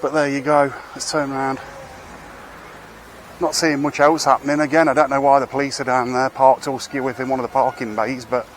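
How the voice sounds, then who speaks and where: A medium-pitched man with little pitch movement talks a little fast while strolling town streets, offering rambling, wry street-vlog commentary with the odd swear word, captured on a camera he's carrying. Slight background noise is audible.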